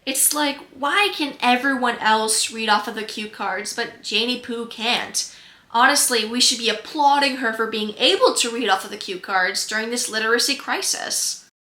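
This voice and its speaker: A nineteen-year-old woman rants with playful mock outrage in a bright, sharp, fairly high voice. Her vlog is recorded in an echoey room with faint music under it. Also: moderate pace, slight background noise. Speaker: comedy YouTuber. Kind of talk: comedic vlog commentary.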